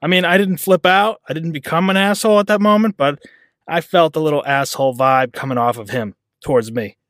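A man's voice: a little high, a little fast, a bit bright, no echo, clean studio sound. A man hosting a podcast, telling a rambling everyday story in a casual, self-deprecating way. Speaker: podcast host. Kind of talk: casual monologue.

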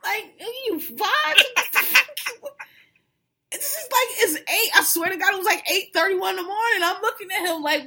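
A woman co-hosting a podcast in casual chat, telling animated, profane stories, laughing often and mocking others with imitations. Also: extremely high pitch, moderate pace. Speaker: podcast co-host.

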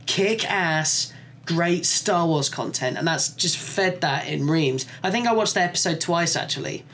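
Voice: mid-range voice, measured pace, fairly bright tone, a little hiss or hum. A podcast co-host in casual chat, enthusiastically recommending a show, swearing freely and using lots of fillers. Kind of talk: casual chat reviewing shows.

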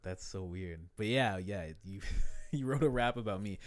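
A man chatting casually, animated and profane, often laughing and dropping from loud to quiet. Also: lowish voice, normal speed. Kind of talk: casual chat.

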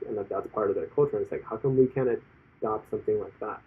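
A man chatting casually, his low voice husky and airy. He rambles, stacking fillers as he retells events. The sound is tinny and narrow, like a phone recording. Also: quick pace. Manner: rambling, frequent "like" fillers, recounts stories with quoted voices. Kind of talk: casual chat.

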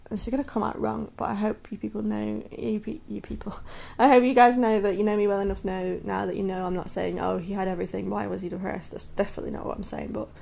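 A woman's voice: mid-range voice, steady tone, quick pace, vocal fry, few pauses. A woman in her thirties speaking candidly and earnestly in a personal podcast monologue. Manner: candid and earnest, many restarts and soft laughs. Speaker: podcast host.

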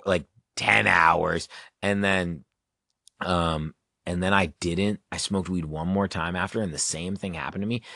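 A man's voice: low voice, no room sound, clean studio sound. A man, a music producer and songwriter as a guest, telling a rambling story in casual conversation, full of "like" and restarts, acting scenes out now and then. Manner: rambling, heavy use of "like", many restarts; animated, acts out scenes with loud yelling.

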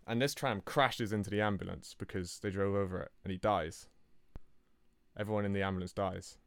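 Rambling deadpan man. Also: lowish voice, brisk, clear, resonant tone, no echo. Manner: rambling, deadpan, self-interrupting. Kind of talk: improvised comic storytelling.

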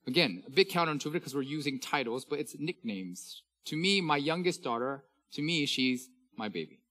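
Bright, emphatic male preacher. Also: on the high side, animated. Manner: emphatic preaching, drawn-out scripture reading. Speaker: pastor. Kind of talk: sermon.

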